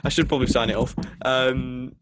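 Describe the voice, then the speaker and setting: A man's voice: mid-range voice, fairly even intonation, normal speed, slight background noise. A young man from England hosting a casual podcast, rambling with lots of ums and laughs. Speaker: podcast host.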